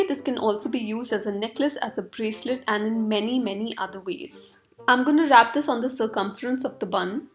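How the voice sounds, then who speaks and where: A young woman from India talks through a hair tutorial in a scripted voice-over, close to the mic. Her voice sits a little high, and she tosses in dry, teasing jabs at the viewer between the steps. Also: a bit bright. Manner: sarcastic, teasing asides to the viewer. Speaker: beauty vlogger.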